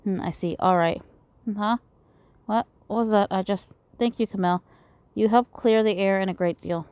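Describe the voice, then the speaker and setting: A courteous young man with a quietly sinister edge, as a woman reads him aloud. He speaks softly and calmly, his politeness never slipping. The recording is dry and close. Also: mid-range voice, moderate pace, clear, resonant tone, no room sound, lo-fi sound, close to an everyday voice. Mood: politely satisfied. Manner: polite, soft-spoken and calm.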